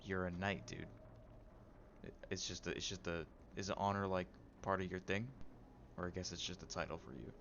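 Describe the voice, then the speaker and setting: Man, game streamer, deep low voice, reading lore aloud, wry asides, stumbles on names, slightly muffled. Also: steady tone, normal speed, a bit bright, a little hiss or hum.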